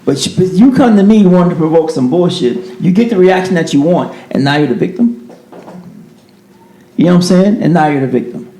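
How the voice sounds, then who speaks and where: A man telling stories in a casual podcast chat, animated and profane. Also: on the high side, fairly quick, reverberant.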